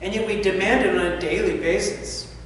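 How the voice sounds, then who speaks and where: A man's voice: high voice, brisk, a bit bright. A man giving an impassioned spiritual talk, sometimes acting out anxious inner voices. He is recorded from a distance in a large church hall. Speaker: spiritual speaker. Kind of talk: sermon. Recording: distant mic in a reverberant hall with faint noise.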